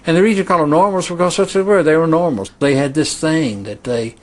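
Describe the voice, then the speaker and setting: A man's voice: fairly high pitch, fast. A man in an interview, recalling old times in a casual, amused way.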